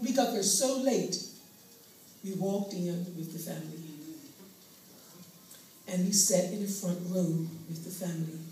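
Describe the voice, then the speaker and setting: A woman with a somewhat high voice works through a stand-up comedy routine, telling her stories with animation and laughing along with her own jokes. The recording comes from a distant mic in a strongly echoing room, with a faint hiss underneath. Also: a little mellow. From Bermuda. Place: live comedy venue.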